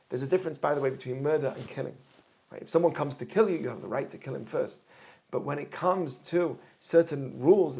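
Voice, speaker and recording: Middle-aged male rabbi, earnest teacher, higher gravelly tone. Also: a little mellow. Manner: earnest, explains with everyday examples. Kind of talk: torah class talk.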